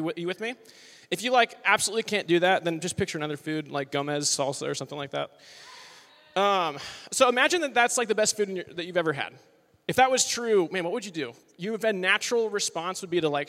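Young man preaching, high voice, casual and chatty, long echo of a big hall. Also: fairly bright tone. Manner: chatty and upbeat, full of "like" and "you know". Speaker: worship leader preaching. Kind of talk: casual, joking sermon to college students. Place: large worship hall with live audience.

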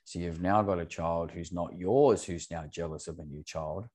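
Man, very low voice, candid podcast guest. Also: moderate pace, darkish tone. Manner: earnest, open, swears casually.

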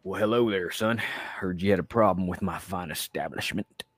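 A man's voice: sits low, moderate pace, breathy edge, dry recording, clean studio sound. A man playing a brash, folksy Texan restaurant manager in an improvised comedy scene, with a put-on drawl. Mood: cocky.

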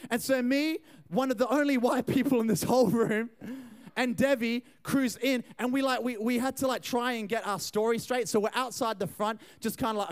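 A young man giving a youth sermon, telling a funny story in a chatty, animated way and talking to the crowd. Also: very high voice, normal speed, clear, resonant tone. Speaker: youth pastor.

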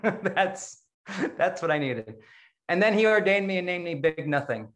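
A man with a fairly high voice gives a relaxed dharma talk as a Zen practice leader. He talks in a chatty, self-deprecating way and laughs often as he tells his story to an online group. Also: normal speed.

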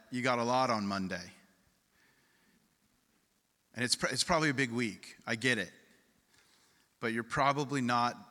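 A man's voice: medium pitch, bright, forceful tone, in a large hall. A male pastor preaching a sermon in a conversational way, asking the congregation questions and reading scripture aloud.

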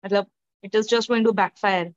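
A woman's voice: mid-range voice, fairly even intonation, fast talker, no room sound. Hesitant Indian woman on a dull call line. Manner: hesitant, mixes Hindi fillers into English. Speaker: summit participant. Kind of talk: casual chat. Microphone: video call. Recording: dull, dry video call audio.

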